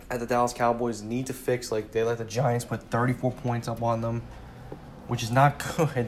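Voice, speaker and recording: A man's voice: medium pitch, darkish tone, slight background noise. Heated, swearing twenty-year-old man. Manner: heated, swearing, rambling with repeated phrases. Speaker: sports fan vlogger. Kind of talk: casual ranting monologue.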